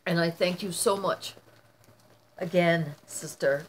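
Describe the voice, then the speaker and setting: A woman's voice: fairly low pitch, lively intonation, unhurried. A woman artist chatting casually to her vlog viewers at home, rambling and talking to them directly. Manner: chatty and rambling, often addressing viewers as "you guys". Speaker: artist vlogger.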